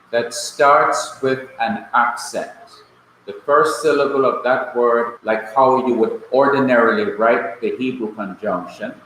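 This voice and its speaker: A male Bible language teacher from Jamaica, lecturing a class slowly and patiently, repeating key points. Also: medium pitch, a bit bright, a little hiss or hum. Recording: echoey classroom, mic at a distance.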